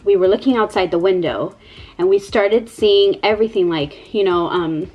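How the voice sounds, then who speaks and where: A woman's voice: medium pitch, moderate pace, highs cut off. A young mother tells a casual storytime vlog in a mid-range voice. She is chatty and profane, and she fills her sentences with "like" and "you know.". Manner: chatty, profane, many fillers. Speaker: vlogger, mother.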